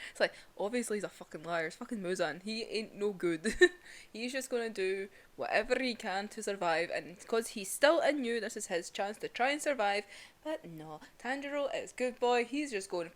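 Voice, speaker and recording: Excitable woman reviewing manga. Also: mid-range voice, moderate pace. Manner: excitable, sweary, laughs often. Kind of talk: casual video review.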